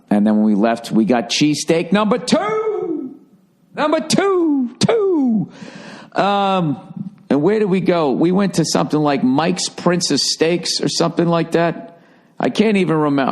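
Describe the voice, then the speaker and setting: A man from the Boston area hosting a podcast, telling a rambling, profane story that jumps into high-pitched bursts for emphasis. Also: a little mellow. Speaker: podcast host. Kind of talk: casual storytelling monologue.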